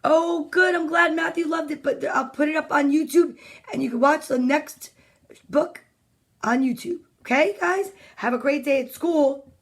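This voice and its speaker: High-voiced playful woman reading a storybook. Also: normal speed. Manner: chatty, playful, drifts into side comments and whispers. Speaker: children's story reader. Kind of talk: reading picture books aloud with asides. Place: at home.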